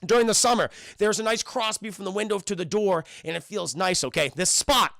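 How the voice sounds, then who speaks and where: High, gravelly man ranting casually. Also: a little fast, few pauses, fairly bright tone, no room sound. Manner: profane, rambling storytelling. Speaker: streamer reviewing a TV show. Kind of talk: casual recap with live chat.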